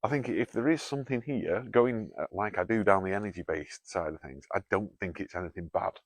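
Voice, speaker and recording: A man's voice: fairly low pitch, fairly quick, no room sound. A man hosting a night ghost hunt in a canal tunnel, joking, swearing freely and calling out to a spirit. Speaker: paranormal investigator host. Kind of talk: casual chat during a night investigation.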